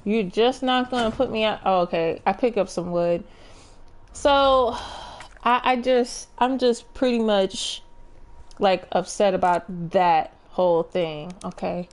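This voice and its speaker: A young adult woman telling a story with animated, profane energy and lots of restarts while she plays a game. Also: medium pitch, a little slow. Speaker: gaming streamer. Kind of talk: casual storytelling while playing.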